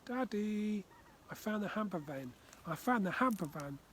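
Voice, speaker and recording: A man voicing a small excitable boy who insists and repeats himself. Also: high voice, normal speed, slight background noise, pitched above the performer's own voice. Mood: pestering.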